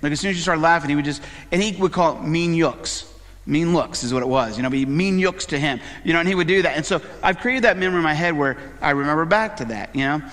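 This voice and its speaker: Man, pastor, casual rambling sermon, a bit high-pitched, echoing church hall. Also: pushed and bright. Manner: conversational, rambling with fillers and asides. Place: church sanctuary.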